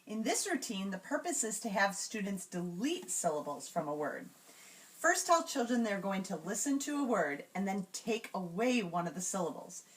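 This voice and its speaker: A woman demonstrating classroom reading routines, sounding out words patiently and slowly. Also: mid-range voice, big pitch swings. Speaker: teacher trainer. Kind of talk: instructional demonstration.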